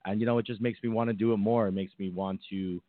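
A man's voice: on the low side, fairly even intonation, fast, no room sound. A man co-hosting a podcast, telling a rambling story in casual chat with many fillers and restarts. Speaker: podcast co-host. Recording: tinny phone-like line, dry.

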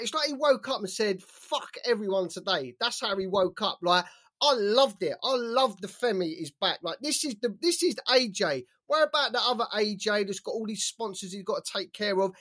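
A British man co-hosting a boxing chat, excitable, swearing and saying "like" a lot. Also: high-pitched, normal speed. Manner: excitable, swears freely, many fillers like "like". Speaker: boxing podcast co-host. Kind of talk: casual chat.

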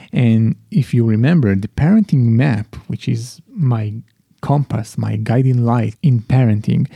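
A middle-aged man hosts a solo podcast in a reflective, confessional manner, often restarting his sentences. His voice is deeply dark and mellow. The sound is dry, with no room around it. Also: dry recording. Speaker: podcast host. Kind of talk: solo parenting podcast monologue.

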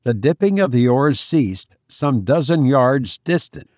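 A man narrating an audiobook in a measured storytelling manner, close to the mic. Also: mid-range voice, animated, darkish tone, no echo. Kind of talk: scripted narration.

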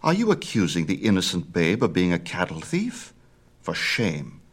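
A man's voice: sits low, huge pitch swings, moderate pace, full character voice. A male reader voicing a tall, lovely Titaness, a doting mother who speaks proudly and genteelly in a storybook myth.

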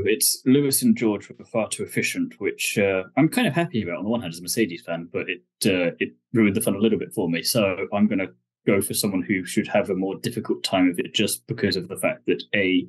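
A man's voice: deep voice, a little fast, slightly rough. A man co-hosting a casual motorsport podcast, joking and teasing in loose, rambling chat. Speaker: podcast co-host.

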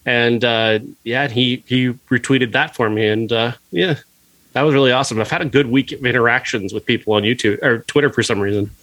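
A man co-hosting a film podcast in a bright, sharp voice. He rambles eagerly and restarts his sentences often. The sound is dry and close. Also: medium pitch, fairly quick, no echo, low-quality recording. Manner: enthusiastic, rambling, lots of "uh" restarts. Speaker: podcast co-host and film critic. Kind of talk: casual podcast chat.

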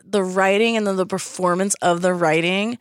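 A woman's voice: moderate pace, smooth, no room sound. Laughing woman podcast host, dry studio sound. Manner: excited, laughs often, acts out quotes with big pitch jumps. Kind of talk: casual chat. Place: recording studio. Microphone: studio mic.

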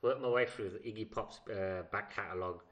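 Bright-voiced man, rambling chat. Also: lowish voice, fairly quick, dull audio. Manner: rambling, jokey, trails off into mumbles. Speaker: podcast co-host. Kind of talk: casual chat.

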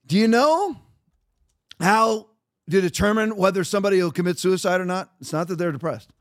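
Speaking a little fast, a middle-aged podcast host with a high-pitched voice delivers political commentary. He stresses his points through repetition and emphasis, with plenty of sarcasm along the way.

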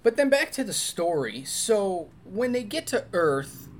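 A podcast co-host chatting about a movie with lots of energy and enthusiasm. The delivery is animated and full of quick asides, the easy back-and-forth of a casual review show. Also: mid-range voice, slight background noise.

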